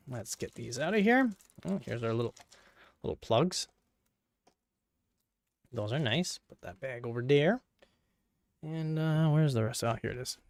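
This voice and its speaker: Gravelly-voiced man chatting through a build. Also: medium pitch, dry recording. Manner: playful, jokey, talks to himself and viewers. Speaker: PC hardware video creator. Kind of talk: casual running commentary while working.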